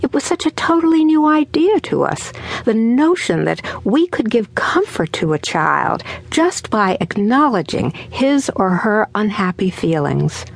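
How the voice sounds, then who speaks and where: A woman's voice: medium pitch, sing-song, unhurried, creaky. A woman narrating her parenting audiobook in an earnest, conversational way. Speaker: author and narrator.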